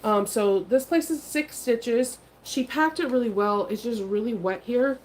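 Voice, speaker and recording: Casting: woman livestream host, slightly high voice, unwell, rambling chat full of ums, faint noise behind her. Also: measured pace, darkish tone, low-quality recording. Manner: chatty, rambling, many ums. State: feeling unwell. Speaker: sewing and craft livestream host.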